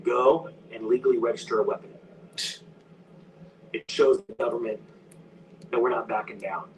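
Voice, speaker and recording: A man's voice: mid-range voice, fairly even intonation, normal speed, darkish tone. A man commenting online in an urgent, warning tone, reading out news with fillers. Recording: distant clip with faint background noise.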